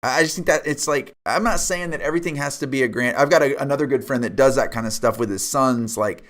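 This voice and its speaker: A man's voice: mid-range voice, fast, fairly bright tone. A man co-hosting a casual movie review podcast, speaking in an earnest, reflective way and often repeating words. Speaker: podcast co-host.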